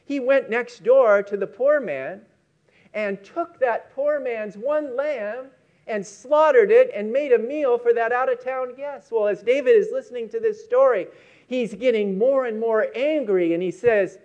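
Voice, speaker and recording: A man preaching a sermon, telling a story with emphatic, slowed key words. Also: very high voice, a little mellow, lo-fi sound.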